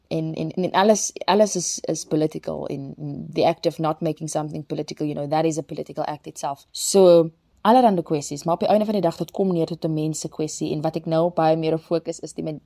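A South African actress and poet talking reflectively in a casual chat, pausing with frequent fillers as she thinks. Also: deep voice, mellow. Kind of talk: casual chat mixing Afrikaans and English.

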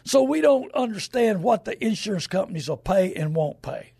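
A man's voice: high-pitched, big pitch swings, normal speed, gravelly, a little mellow, slightly rough, no room sound, studio quality. A man hosting a radio show, talking in a rambling, emphatic folksy way and acting out the people he quotes. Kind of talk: folksy radio talk monologue.

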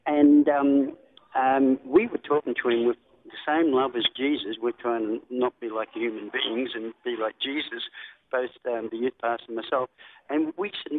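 A man's voice: mid-range voice, steady tone, moderate pace, background noise. A man with an Australian accent calling in to a radio show, talking casually and rambling with many ums and restarts. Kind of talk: casual phone call. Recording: tinny phone line.

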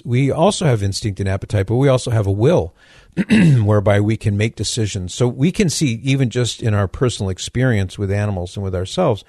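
A man hosting a radio call-in show who is losing his voice, answering a caller's question in a measured, explanatory way. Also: lowish voice, mellow, dry recording, studio quality.

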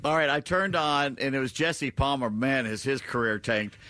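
A man's voice: mid-range voice, normal speed, sharp tone, no room sound. A man co-hosting a radio show, teasing and wisecracking in casual banter. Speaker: radio co-host.

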